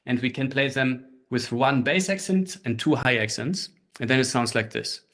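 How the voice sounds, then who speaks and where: A man teaching a live online handpan workshop, explaining rhythms in a relaxed way and chanting rhythm syllables, recorded through a laptop microphone. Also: medium pitch, moderate pace. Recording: faint handpan music behind. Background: handpan playing.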